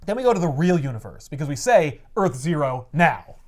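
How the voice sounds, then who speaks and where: A man hosting a casual podcast, telling a comic book story in an animated, offhand way with casual swearing. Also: a little high, a little fast.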